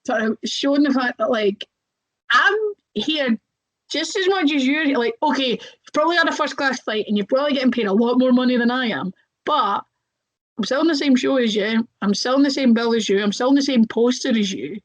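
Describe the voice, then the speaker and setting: A young woman chats as an interview guest, spinning anecdotes with lots of fillers. She acts out the voices of the people in her stories. Her voice sits a little higher than most women's. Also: fairly quick, low-quality recording. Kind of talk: casual interview storytelling.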